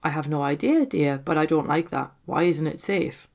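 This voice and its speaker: A young man who hides his fear behind calm reassurance, as a woman reader voices him. The delivery is measured and slow. The voice is low with a gravelly edge. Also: full character voice. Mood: reassuring.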